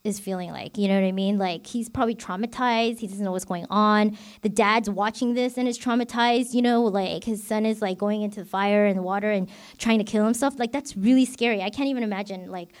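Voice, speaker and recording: Speaking fairly quickly in a mid-range voice, this woman deacon leads a casual Bible lesson. Her talk is chatty and open about herself, packed with "you know" and "like."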